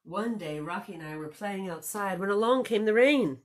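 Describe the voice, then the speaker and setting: A woman librarian reading a picture book aloud to children, expressive and storytelling, with chatty asides. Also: medium pitch, moderate pace.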